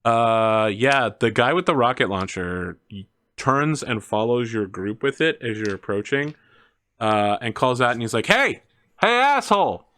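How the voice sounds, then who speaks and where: A man's voice: on the low side, measured pace, a bit bright, no echo. A man narrating as game master, in a casual, joking way with many fillers.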